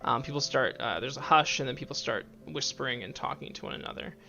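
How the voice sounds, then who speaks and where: Halting, gravelly-voiced game master. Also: male voice, medium pitch, bright, forceful tone, lo-fi sound. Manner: halting, full of fillers and restarts. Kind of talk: narrating a tabletop game.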